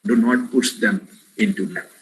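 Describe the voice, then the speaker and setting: Over a webinar headset or computer mic, a man with an Indian English accent gives a preacherly, impassioned lecture on parenting, greeting listeners as "my dear friends" and emphatically repeating key words. His medium-pitched voice is a bit bright, moves little in pitch and keeps a normal speed. Recording quality is low.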